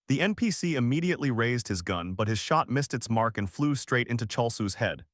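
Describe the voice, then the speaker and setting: A man narrating a comic story recap in a scripted, animated style. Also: medium pitch, fairly quick, hardly any pauses, no room sound, clean studio sound.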